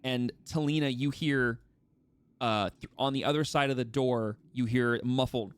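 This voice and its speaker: A man running a tabletop game as game master, narrating in a lively, animated way with frequent restarts. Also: medium pitch, normal speed, clean tone.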